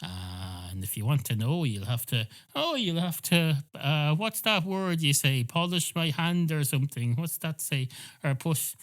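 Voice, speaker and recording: A man's voice: a little high, lively intonation, a little slow. A man voicing a smug, talkative male pub cat who rambles and swears. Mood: teasing. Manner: rambling, swearing, self-satisfied.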